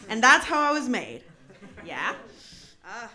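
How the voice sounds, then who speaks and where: A woman performing stand-up in a small comedy club, chatting with the crowd in a self-deprecating way, often pausing on "um". English is not her first language. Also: on the high side, big pitch swings, pushed and bright. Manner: self-deprecating, crowd work, many ums.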